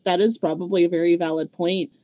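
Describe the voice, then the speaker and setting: A woman co-hosting a casual book discussion, reflective and given to long, drawn-out explanations. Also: on the low side, little pitch movement, dull audio, heavy background noise. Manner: reflective, talks at length, drawn-out phrasing. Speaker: book club co-host.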